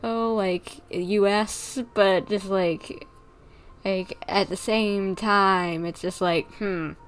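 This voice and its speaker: A woman's voice: mid-range voice, fairly even intonation, drawn-out words, smooth. A young woman streaming a video game, gushing and giggling over the characters. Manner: giggly, gushing fan chatter. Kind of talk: live game commentary.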